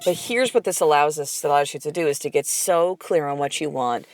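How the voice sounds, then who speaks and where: A middle-aged woman with a low-sitting voice hosts a motivational podcast, speaking a little fast. Her coaching is blunt, profane, and fired up, full of swearing as she pushes her listeners.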